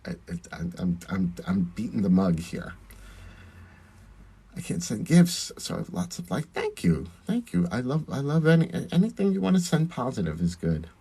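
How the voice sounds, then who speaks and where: Husky, lively man chatting on a live stream. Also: fairly low pitch, moderate pace. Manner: chatty, reads viewer comments aloud and thanks them. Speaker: drag performer hosting a live stream. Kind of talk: casual live-stream chat while doing makeup.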